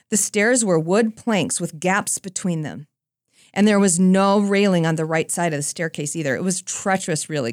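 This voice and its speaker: A woman giving a Christian talk, telling a personal story in a lively, conversational way with self-deprecating asides. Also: lowish voice, dry recording, clean studio sound. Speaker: Christian speaker.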